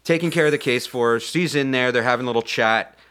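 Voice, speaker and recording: A man's voice: mid-range voice, fast talker, fairly bright tone, clear, resonant tone. A man co-hosting a podcast, recapping a movie in rambling casual chat with many fillers.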